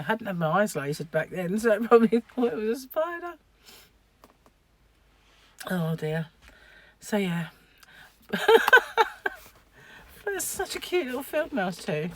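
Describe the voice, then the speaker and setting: A woman's voice: a little high, dry recording. A middle-aged woman chatting casually to camera in a vlog, telling a story and laughing often. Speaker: vlogger.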